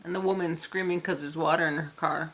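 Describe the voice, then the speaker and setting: A woman with a notably deep voice talks through an episode review in a casual way. She is dry and teasing, and quick to set her co-host straight. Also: steady tone, fairly bright tone. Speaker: podcast co-host. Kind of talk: casual movie review chat.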